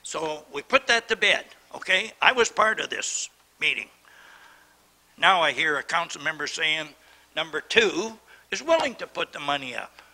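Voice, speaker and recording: A man's voice: a little high, expressive, moderate pace, sharp tone, rough recording. A middle-aged man chairing a town council meeting, worked up and indignant as he lectures the council from the chair. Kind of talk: heated council debate.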